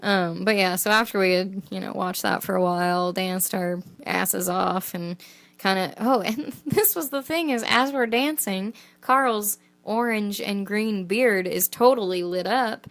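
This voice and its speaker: A woman's voice: mid-range voice, measured pace. A young woman co-hosting a travel podcast, chatting casually, laughing often and saying "like" a lot. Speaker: podcast co-host.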